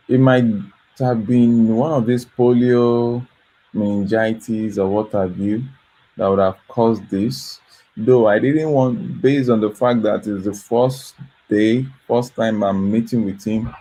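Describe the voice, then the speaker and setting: A man's voice: fairly low pitch, dark tone, poor audio. A man running a foundation, talking earnestly in a late-night video, tired and yawning, repeating his words with gratitude. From Africa. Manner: repetitive, earnest, grateful. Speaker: foundation host.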